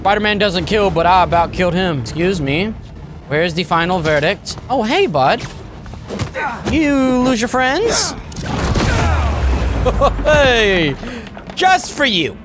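A man giving excitable, jokey commentary over his gameplay as the channel host. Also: high-pitched, slow pace, long pauses, background noise. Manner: excitable, jokey, loud outbursts.

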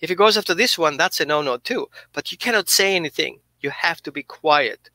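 Animated man explaining dog training. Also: fairly high pitch, fairly quick, dry recording. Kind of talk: instructional talk.

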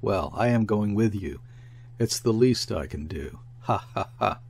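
A man reading aloud and voicing a rough, wary young peasant husband who calls out roughly. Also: fairly low pitch, lively intonation, unhurried, a little mellow, slight background noise. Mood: mocking.

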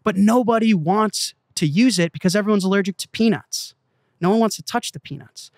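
A man as an interview guest, telling a story with excitable, profane emphasis in a casual way. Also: high voice, brisk. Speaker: interview guest, company CEO. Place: Malibu.

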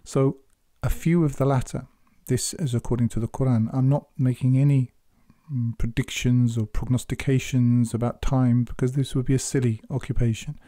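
A man giving measured, earnest spoken commentary on scripture, exhorting his listeners. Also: medium pitch, flat delivery, dark tone, dry recording, clean studio sound. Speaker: Quran commentator.

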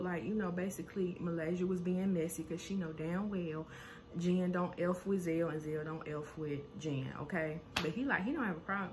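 A woman's voice: lowish voice, slight background noise. Chatty woman recapping reality TV gossip. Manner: animated, laughs often, acts out quoted lines.

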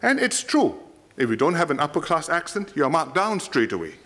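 A man from Singapore with a Singaporean English accent, giving a speech in a parliament chamber in measured, emphatic short phrases. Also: a little high, sing-song, a bit bright. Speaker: politician.

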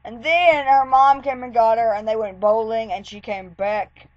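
A woman's voice: fairly high pitch, steady tone, normal speed, dry recording, highs cut off. A woman vlogger telling a story in a casual, rambling way, with lots of "like". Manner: chatty, rambling, full of "like" fillers.

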